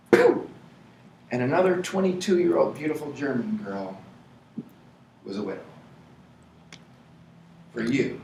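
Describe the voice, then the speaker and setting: A man giving a rambling motivational speech to an audience, often laughing and building up to shouting. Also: a little high, slight background noise. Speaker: motivational speaker at a company event. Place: event hall with an audience. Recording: echoey hall, mic from far off.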